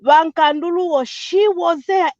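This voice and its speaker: A woman's voice: extremely high pitch, measured pace, darkish tone, no echo. A woman calling in with emphatic, repetitive political comments, switching between languages. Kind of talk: impassioned political call-in comment. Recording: dull, dry lo-fi line.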